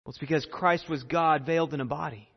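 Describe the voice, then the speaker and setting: A man preaching a sermon earnestly, repeating phrases and pausing for effect. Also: a little high, fairly even intonation, vocal fry, in a large hall, muffled recording. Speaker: pastor.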